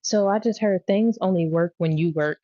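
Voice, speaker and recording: A woman's voice: on the low side, normal speed, dry recording, muffled recording. A woman giving a casual tarot reading, talking in a slangy, blunt and playful way. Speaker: tarot reader.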